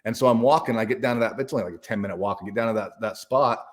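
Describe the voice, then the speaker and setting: A man's voice: on the low side, racing. A man talking as a guest in an interview, telling a personal story in a casual, profane, emphatic way with many restarts. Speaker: guest speaker and author.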